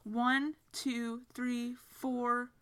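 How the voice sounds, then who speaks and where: A woman's voice: on the high side, level tone, drawn-out words, fairly bright tone, smooth. A woman co-hosting a casual book chat, blunt and sarcastic, swearing freely. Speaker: podcast co-host.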